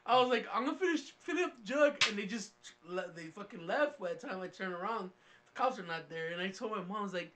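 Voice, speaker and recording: Brief: high, light male voice, casual podcast co-host, animated storyteller. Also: quick pace, slight background noise. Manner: animated, loud when acting out his story. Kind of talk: casual storytelling among friends.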